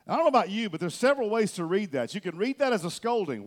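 A male pastor preaching a sermon from a church stage, telling the story with animation and swinging between loud and soft. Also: sits high, big pitch swings, quick pace, hardly any pauses.

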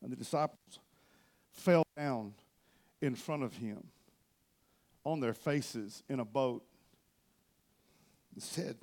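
A male pastor preaching a sermon from a church stage, telling the story with animation and swinging between loud and soft. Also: mid-range voice, slow, long pauses.

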